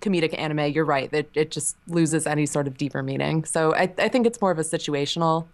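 A woman's voice: low voice, a little fast. A woman guesting on a casual podcast, answering in an articulate, thoughtful way.

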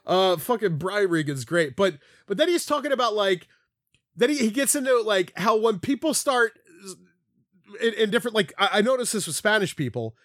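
A man's voice: sits high, very animated, brisk, a bit bright, no room sound, studio quality. A man in casual podcast chat, rambling, swearing freely and leaning on "like".

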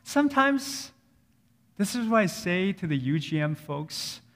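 Pastor, man, 30s; slow, conversational sermon delivery with repetition and dynamic swings; reverberant church room. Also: high-pitched, big pitch swings, fairly bright tone. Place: church sanctuary.

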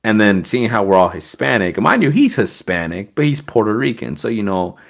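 A man's voice: fairly low pitch, fairly quick, creaky. A man telling a story as a podcast guest, in a casual streetwise manner with heavy swearing. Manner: streetwise slang, heavy swearing, animated quoting.

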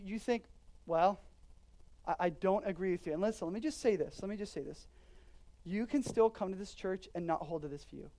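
A man in his thirties, a pastor preaching a sermon, swinging between loud emphatic declarations and quiet earnest asides. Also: sits high.

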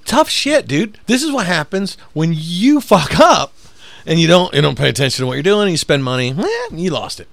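Male podcast co-host, gravelly, very animated delivery, exasperated swearing rants. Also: on the high side, moderate pace, dry recording. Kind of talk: casual profane chat.

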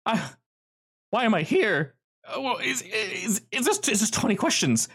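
A man's voice: high-pitched, very animated, unhurried, fairly bright tone, husky, pitched above the performer's own voice, exaggerated voice. A man voicing a skinny, nervous test subject in his thirties who stammers in panic. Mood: panicked.

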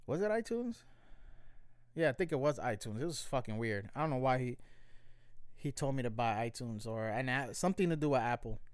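A man's voice: medium pitch, lively intonation, a little fast, clean tone, no room sound, clean studio sound. A man telling stories in a casual, rambling, profane, wry way. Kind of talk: casual storytelling.

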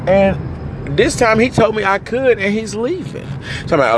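A man crying and ranting in anger and hurt, swinging between yelling and low muttering, recorded outdoors near traffic. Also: animated, normal speed. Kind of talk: emotional rant to camera.

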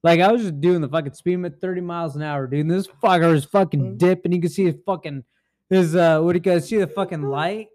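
Talking fast in a high, slightly mellow voice, a young man hosts a podcast and casually tells a rambling, profane story punctuated by frequent laughs. It's recorded in a clean studio with no echo.

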